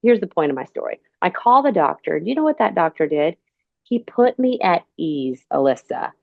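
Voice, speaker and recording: A woman's voice: on the low side, big pitch swings, normal speed, vocal fry, no echo. A woman hosting an interview, chatty, telling long personal stories in casual talk. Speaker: podcast host. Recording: dull, dry phone-call sound.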